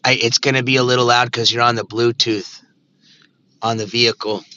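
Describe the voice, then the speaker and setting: A man's voice: medium pitch, level tone, fairly quick, sharp tone. Rambling man streaming from his car. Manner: rambling, talks to himself and chat, playful nonsense words. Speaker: live streamer. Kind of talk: casual live-stream chatter while driving. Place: inside a car. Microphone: Bluetooth mic. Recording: dull lo-fi stream audio with road noise.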